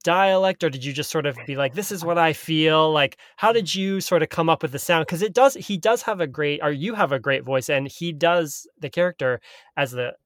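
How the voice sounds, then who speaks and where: A man's voice: a little high, moderate pace, a bit bright, dry recording, clean studio sound. A man hosting an interview, asking enthusiastic, admiring questions. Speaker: interviewer host. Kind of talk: casual interview.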